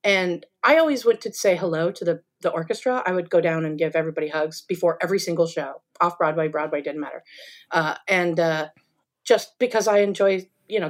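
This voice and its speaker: A woman, a stage actress, telling stories in a casual interview with easy laughter. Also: on the low side. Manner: chatty, laughing storyteller.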